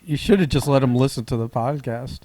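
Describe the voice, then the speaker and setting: A podcast co-host in casual chat, reacting to a friend's story with laughs and quick comments. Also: mid-range voice, warm tone, dry recording.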